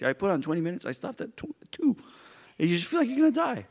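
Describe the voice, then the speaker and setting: A man teaching a youth Bible study, animated and joking as he acts out people's reactions. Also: high voice, quick pace.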